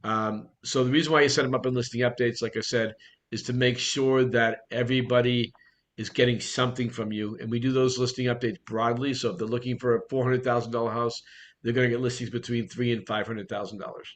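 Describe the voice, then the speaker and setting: A man's voice: mid-range voice, fairly even intonation, brisk. Blunt Boston man coaching agents. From Boston area. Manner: blunt, direct, repeats key points. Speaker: real estate coach. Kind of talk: online coaching talk.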